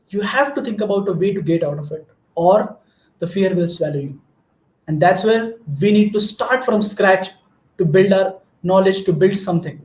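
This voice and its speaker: An Indian man, a native Marathi speaker, delivers an earnest motivational talk and often restarts his sentences as he goes. His voice sits high for a man. The recording has a roomy, echoing sound. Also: darkish tone. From Maharashtra, India. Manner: earnest, storytelling, frequent restarts. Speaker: guest speaker.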